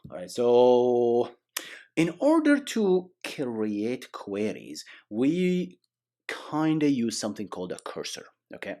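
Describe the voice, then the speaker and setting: Young male coding tutor, casual and animated, jokey, mid-pitched with lively swings. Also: takes it slowly. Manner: chatty, animated, often adds okay and right, jokes. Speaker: programming tutorial host.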